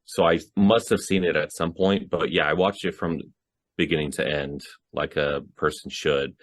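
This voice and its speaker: Deep-voiced man in casual movie chat. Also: normal speed, dry recording, studio quality. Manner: animated, acts out quoted lines. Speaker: podcast co-host.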